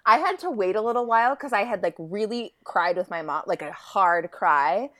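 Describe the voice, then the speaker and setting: A woman's voice: medium pitch, animated, normal speed, fairly bright tone. A young woman chatting on a podcast, her voice swooping up and down as she tells a story. She laughs often and talks loosely and casually. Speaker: podcast co-host.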